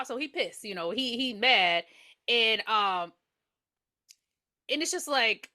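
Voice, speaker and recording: Bright-voiced woman co-hosting a podcast. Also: a little high, expressive, normal speed, pauses often. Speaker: podcast co-host. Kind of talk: casual movie recap chat.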